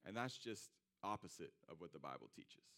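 A man's voice: low voice, a little fast. A man preaching a sermon in a casual, conversational way, telling a personal story and acting out what his friends said. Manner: animated, conversational, acts out quoted friends. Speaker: pastor.

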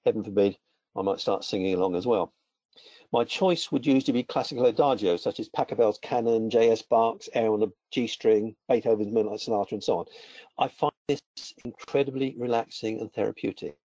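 A middle-aged man presenting a webinar in a measured, methodical way. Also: fairly low pitch, warm tone, dry recording. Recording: dull, lo-fi sound.

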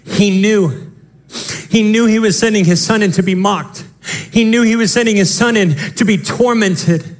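Male pastor, 30s, lively storytelling sermon, fairly high voice. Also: normal speed. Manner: animated, storytelling with voiced quotes. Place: church sanctuary.

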